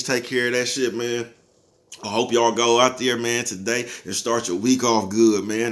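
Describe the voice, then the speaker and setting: A man's voice: mid-range voice, a bit bright. Chuckling, laid-back man preaching casually. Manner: laid-back, chuckles often, keeps asking "you know what I'm talking about?"; profane, preachy street talk. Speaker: vlogger. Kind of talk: casual motivational monologue.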